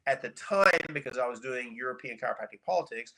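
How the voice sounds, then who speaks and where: A middle-aged man, a chiropractor guest on a podcast, telling stories in a casual, animated way and repeating words for emphasis. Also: mid-range voice, fast talker. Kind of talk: casual storytelling interview.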